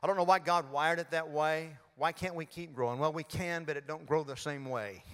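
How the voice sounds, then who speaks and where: A man's voice: a little high, normal speed, fairly bright tone, clean tone. A man, preaching a sermon in a folksy, humorous storytelling way in a church. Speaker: guest preacher. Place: church sanctuary. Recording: long hall reverb.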